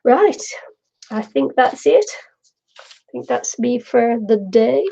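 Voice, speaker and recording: A woman's voice: a little high, animated, takes it slowly, creaky, mellow, lo-fi sound. A middle-aged woman from the UK, chatting casually and rambling while she crafts, laughing often. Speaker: craft vlogger.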